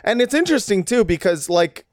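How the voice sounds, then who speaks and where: A male podcast host chats and jokes, spinning absurd stories with a deadpan touch. His voice is a bit high, smooth and clear, recorded dry and close. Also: a little fast, dry recording. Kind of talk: casual podcast chat.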